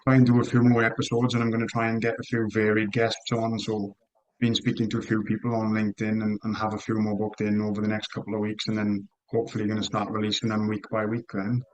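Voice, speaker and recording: Guy hosting a podcast, kinda low voice, easygoing storyteller, muffled sound. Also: monotone, fast talker, darkish tone. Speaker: podcast host. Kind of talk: casual chat. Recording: dull lo-fi sound.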